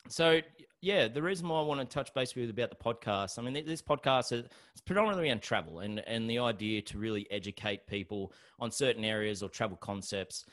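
A man's voice: medium pitch, fairly bright tone. An Australian man hosting a podcast, chatting casually and upbeat with a guest. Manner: chatty and upbeat, with quick asides. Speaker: podcast host. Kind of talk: casual interview chat.

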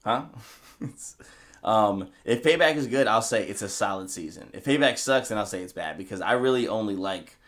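A man co-hosting a casual movie podcast, throwing in jokes, swearing and quick asides. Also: fairly low pitch, animated, a bit bright. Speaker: podcast co-host. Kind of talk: casual film review chat.

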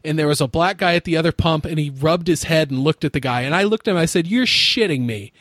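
A man's voice: fairly high pitch, fast talker, dry recording. A man hosting a podcast, telling stories frankly in casual chat and swearing freely.

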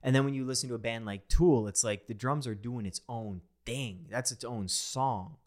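Excitable young man reacting to music. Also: medium pitch, normal speed. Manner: excited, rambling, enthusiastic about drums. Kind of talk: casual reaction commentary.

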